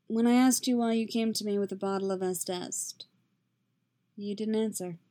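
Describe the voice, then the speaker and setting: A woman voicing a guarded, proud sorceress, speaking in a quiet, measured way. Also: medium pitch, fairly even intonation, lightly acted.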